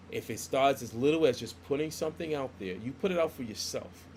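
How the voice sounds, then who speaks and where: A middle-aged comic book artist tells stories in a relaxed podcast conversation, acting out the dialogue he quotes with animation. His medium-pitched voice moves briskly with few pauses, over slight background noise.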